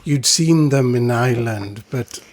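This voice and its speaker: A man co-hosting a podcast who asks questions in a slow, measured way. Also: mid-range voice, darkish tone, a little hiss or hum. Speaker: podcast co-host. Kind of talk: casual conversation.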